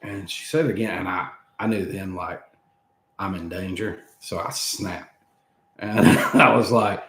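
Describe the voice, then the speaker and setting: A man in his thirties with a lowish voice tells a long story, chuckling and acting out the lines of the people in it. The sound has a noticeable roomy echo. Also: a little slow. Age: 30s. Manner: animated, laughing between lines, acts out quoted speech. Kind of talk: casual storytelling.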